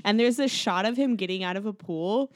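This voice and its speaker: A woman, co-host of a podcast, recapping a movie in casual chat, telling it with lively storytelling and many "like"s. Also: mid-range voice, fairly quick, dry recording, studio quality. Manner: animated storyteller, heavy use of "like".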